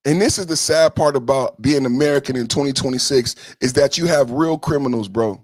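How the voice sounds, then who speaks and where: A man's voice: a little fast, dry recording. A man hosting a podcast livestream, ranting about politics in a combative, profane way, scolding his chat and repeating points for emphasis. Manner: emphatic repetition, swings between loud and low. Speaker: podcast host.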